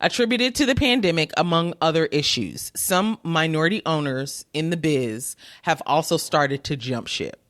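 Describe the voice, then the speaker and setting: A woman's voice: low voice, lively intonation, normal speed, few pauses, fairly bright tone, no room sound, clean studio sound. A woman co-hosting a podcast, chatting casually and reading news aloud through bursts of laughter. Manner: giggly, reads news aloud between laughs. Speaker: podcast co-host. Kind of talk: casual chat.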